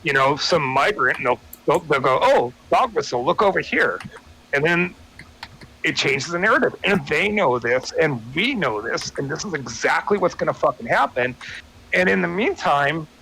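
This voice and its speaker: A man's voice: on the high side, lively intonation, normal speed, gravelly, bright, forceful tone, husky, low-quality recording. A man ranting in casual chat, swearing often and restarting his sentences. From United States. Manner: profane, rambling rant with many restarts. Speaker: guest chatting on a stream.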